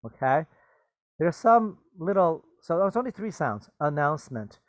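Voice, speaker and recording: A man's voice: a little high, sing-song, a little slow, no echo. A man teaching a reading lesson, reading a story aloud and patiently explaining the words, often checking with "okay?" and "right?".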